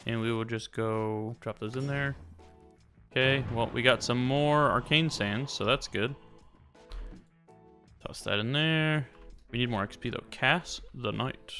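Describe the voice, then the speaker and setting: A young man casually commenting while he plays a game, chatting to the game characters and turning suddenly loud when surprised. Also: mid-range voice, creaky. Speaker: gaming YouTuber. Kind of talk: casual let's-play commentary. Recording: faint music behind.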